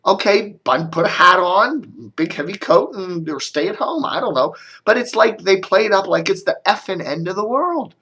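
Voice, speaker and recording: A man's voice: high-pitched, sing-song, moderate pace, few pauses, sharp tone. A man giving a casual, rambling media commentary, grumbling and sarcastic, with coughs and restarts. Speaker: media blogger doing a video commentary.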